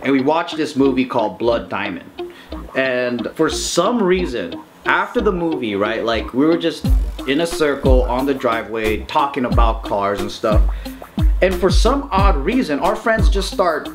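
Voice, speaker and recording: A man's voice: mid-range voice, big pitch swings, a little slow. A young man telling a story in a casual, profane way, full of fillers. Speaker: vlogger. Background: guitar music.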